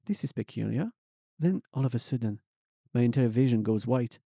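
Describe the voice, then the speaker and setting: A young man streamer reading fan fiction aloud as a comic dramatic reading, swinging between hushed and loud. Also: medium pitch, animated, moderate pace, creaky, dry recording, clean studio sound.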